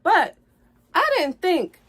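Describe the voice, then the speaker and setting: A woman's voice: very high voice, big pitch swings, slow pace, fairly bright tone. Woman vlogger, emotional storytime: earnest, apologetic, repetitive, building to heated indignation, on the edge of tears. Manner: earnest, apologetic, repeats herself, grows heated. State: tearful at times. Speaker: vlogger telling her side of a breakup.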